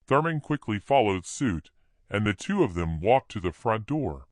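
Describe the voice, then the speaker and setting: A man narrating a horror audiobook in a plain, steady storytelling voice. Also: fairly low pitch, normal speed, no room sound, clean studio sound.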